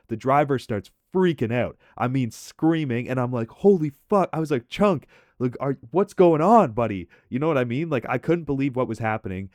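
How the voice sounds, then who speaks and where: Young male storyteller, mid-pitched, animated and profane, close dry mic. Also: dry recording. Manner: animated, swearing, acts out his own reactions. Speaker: storytelling commentary host. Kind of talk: casual storytelling over gameplay.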